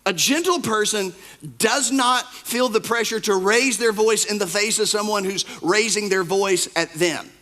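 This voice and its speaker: A pastor preaching a sermon in church, stressing his points by repeating them and swinging from soft asides to loud outbursts. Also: sits high, a little slow. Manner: emphatic, repeats key phrases.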